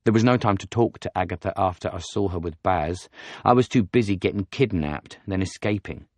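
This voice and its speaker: A man reading a novel aloud as an audiobook narrator, in steady first-person storytelling. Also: low-pitched, a little fast, no room sound, studio quality.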